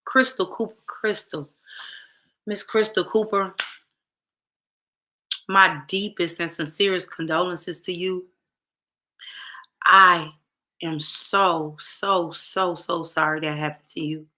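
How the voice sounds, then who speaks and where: A woman's voice: lowish voice, steady tone, takes it slowly, long pauses, pushed and bright. A woman hosting a casual talk show, speaking emphatically straight to her viewers and repeating phrases for weight. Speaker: show host.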